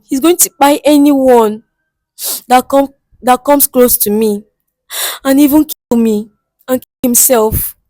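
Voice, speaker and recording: A woman's voice: fairly high pitch, mellow, dry recording, natural voice, rough recording. A woman acting a distraught young woman in a comedy skit, crying and pleading for help, repeating herself. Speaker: guest seeking help. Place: studio.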